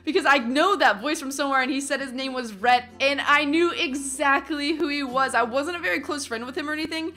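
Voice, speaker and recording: High-voiced, bright young woman telling a story. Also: fairly quick, few pauses. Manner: animated storytelling, acting out others' lines. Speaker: vlogger. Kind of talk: casual storytime vlog.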